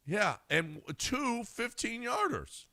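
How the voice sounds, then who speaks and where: A man co-hosting sports radio, chatting excitably and tripping over his words. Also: very high-pitched, slow pace, dry recording. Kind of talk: casual sports radio chat.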